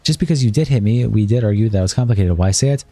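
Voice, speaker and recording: Man, streamer, reading texts aloud, very fast, dark warm tone. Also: fairly low pitch. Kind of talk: reading text messages aloud on a livestream.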